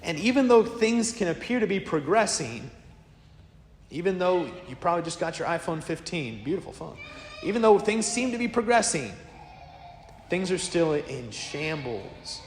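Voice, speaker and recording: High-voiced priest in an echoey church. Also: male voice, moderate pace, a little hiss or hum. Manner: lively storytelling, acts out quoted voices; casual, conversational preaching to a congregation. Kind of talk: sermon. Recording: echoey church with long reverb.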